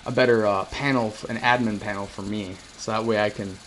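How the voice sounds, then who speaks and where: A man's voice: fairly low pitch, fairly even intonation, a little fast, fairly bright tone. A man chatting casually to viewers on a live stream, rambling and swearing now and then. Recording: roomy echo, faint noise.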